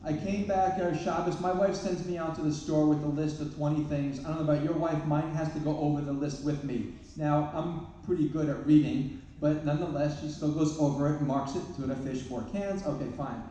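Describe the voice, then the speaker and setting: A man's voice: on the high side, fairly even intonation, a little fast, hardly any pauses, mellow. A man, a therapist and parenting speaker, giving a humorous live talk full of self-deprecating stories. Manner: storytelling with self-deprecating jokes. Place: large event hall. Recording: echoey hall, distant mic.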